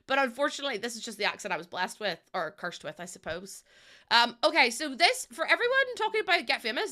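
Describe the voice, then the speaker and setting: Bubbly bright-voiced young woman streamer. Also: fairly high pitch, sing-song, a little fast. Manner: bubbly and chatty, laughs often, talks to chat. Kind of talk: live-stream chat while playing a building game.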